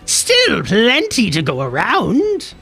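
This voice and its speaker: A man's voice: high voice, huge pitch swings, slow, gravelly, pushed and bright, breathy edge, soft background music, pitched above the performer's own voice, heavily acted. A man voicing an older chain-smoking mum while reading game quest dialogue aloud. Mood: weary.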